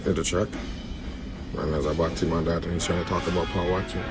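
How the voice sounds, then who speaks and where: A man's voice: low voice, flat delivery, quick pace, over loud music. A man ranting and taunting on a phone livestream, breaking into sing-song chants. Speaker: rapper on a livestream. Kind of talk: rowdy livestream rant.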